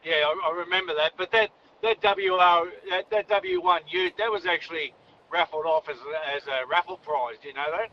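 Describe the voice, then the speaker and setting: A man's voice: on the high side, moderate pace, muffled recording, slight background noise. A man with an Australian accent calling in to a talkback radio show, chatty and rambling, repeating himself as he goes. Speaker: caller. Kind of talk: talkback phone call.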